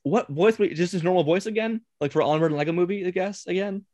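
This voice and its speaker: A man's voice: high-pitched, quick pace, a little mellow, no echo. A man hosting a casual podcast, chatty and rambling, often laughing. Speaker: podcast host.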